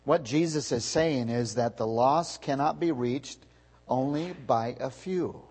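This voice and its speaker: Man, pastor, sermon, husky voice, emphatic, mid-pitched. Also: a little slow, rough recording. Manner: emphatic preaching, swelling louder on key words.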